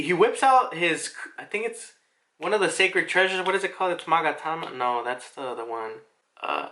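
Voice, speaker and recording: Excitable, foul-mouthed young-sounding man. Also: a little high. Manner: excitable, profane, rambling. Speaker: manga reviewer. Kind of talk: casual video review.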